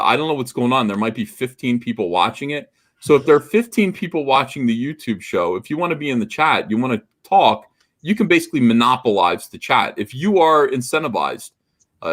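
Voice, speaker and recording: A man's voice: medium pitch, a bit bright. A man talking casually on a livestream, rambling with lots of hesitations and a dry, sarcastic humor. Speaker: co-host on a livestream talk show.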